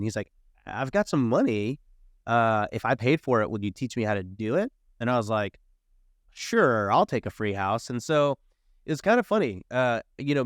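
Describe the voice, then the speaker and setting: A man in his thirties, a podcast guest telling stories in a casual, animated way and acting out quoted dialogue. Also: medium pitch, dry recording, clean studio sound. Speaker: podcast guest, real estate investor. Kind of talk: casual storytelling interview.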